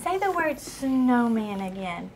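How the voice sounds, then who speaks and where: Patient woman teacher, fairly high voice. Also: sing-song, over a noisy crowd. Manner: patient, questioning, sounds words out slowly. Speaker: kindergarten teacher. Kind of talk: classroom shared reading lesson. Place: classroom with young children. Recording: classroom recording with clear background noise.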